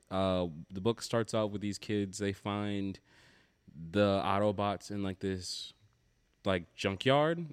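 A man with a low voice hosts a casual podcast, chatting loosely and cursing now and then. The sound is dry, with little room around it. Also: clean tone, no room sound. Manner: casual, swears freely, quick asides. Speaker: podcast host.

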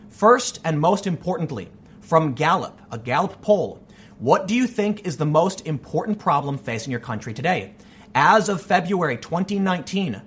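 Male political commentator, husky tone, fairly high voice, pressing his points hard. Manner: argumentative, emphatic. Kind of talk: opinion commentary monologue.

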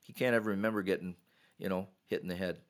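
An older man from Canada tells stories from his refereeing days as a podcast guest. He talks in an animated way, acting out the people he quotes. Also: sits low, fast talker. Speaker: retired NHL referee, guest. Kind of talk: podcast storytelling.

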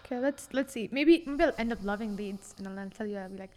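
A woman's voice: medium pitch, fast talker, a little mellow. A young woman chatting casually as a podcast guest, giggling often and tripping over repeated words. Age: young adult. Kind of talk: casual chat.

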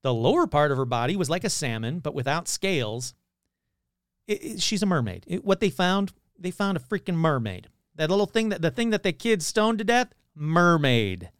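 A man's voice: fairly high pitch, sing-song, moderate pace, clean tone, no room sound, studio quality. A man hosting a podcast, retelling an old story in a casual, sarcastic and profane way. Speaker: podcast host.

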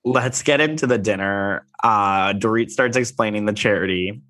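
A man co-hosting a casual recap chat, animated and gushing about the episode. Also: fairly low pitch, normal speed, dry recording. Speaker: podcast co-host.

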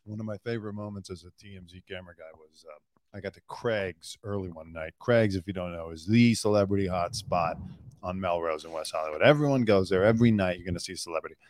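A man's voice: sits low, quick pace, darkish tone, no echo. A man, a podcast host and former celebrity news cameraman, in casual comedic chat, joking and sarcastic as he tells stories. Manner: joking, sarcastic, storytelling with put-on quotes.

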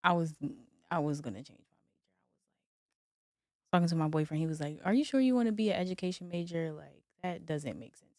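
A woman hosting a podcast, chatting casually in an animated, upbeat way. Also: sits low, a little fast, long pauses, no room sound, studio quality. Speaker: podcast host. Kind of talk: casual chat.

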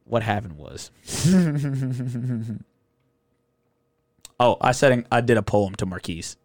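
A man in his twenties, a podcast guest, telling a story in a casual, profane, animated way. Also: medium pitch, takes it slowly, no room sound, studio quality. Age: 20s. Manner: animated, profane, acts out friends' voices.

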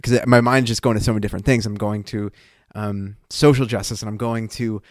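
A man's voice: on the low side, steady tone, brisk, dry recording, studio quality. A man co-hosting a casual Bible discussion podcast, thinking aloud and often breaking off to restart his sentences. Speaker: podcast co-host.

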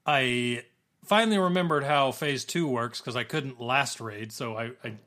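Bright-voiced man explaining game stats. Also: mid-range voice, measured pace. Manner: chatty, explaining with restarts. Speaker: podcast co-host. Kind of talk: casual gaming podcast chat.

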